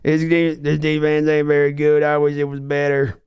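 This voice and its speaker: A man doing a flat, mumbling drawler. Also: fairly high pitch, normal speed, smooth, no echo, natural voice. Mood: grumbling. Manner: flat, drawling mumble with grunts between lines. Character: slow, mumbling, troubled Southern man from a film.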